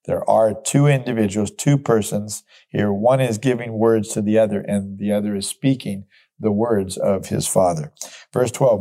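A man's voice: lowish voice, fairly even intonation, measured pace, creaky, warm tone. A middle-aged man teaching from the Bible as a pastor, earnest and emphatic, reading verses aloud and explaining them.

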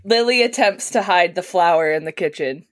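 A woman's voice: fairly low pitch, moderate pace. A giggly woman playing a tabletop game over a video call. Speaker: player. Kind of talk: casual tabletop game play.

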